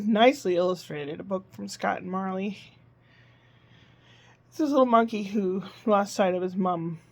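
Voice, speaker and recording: A woman's voice: mid-range voice, darkish tone. A woman vlogging in casual chat, rambling through a homey story with plenty of fillers, from her living room.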